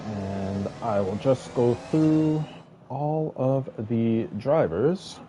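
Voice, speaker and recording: A man co-commentating an online sim race, mostly giving short replies and reading out the grid order in a steady run. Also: mid-range voice, noisy background. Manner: brief acknowledgements, reads grid results in a steady list.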